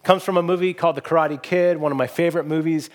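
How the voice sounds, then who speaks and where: A man in his forties preaching a sermon from a church stage, telling a story in an animated, rambling way with frequent restarts. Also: a little high, fast. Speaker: pastor.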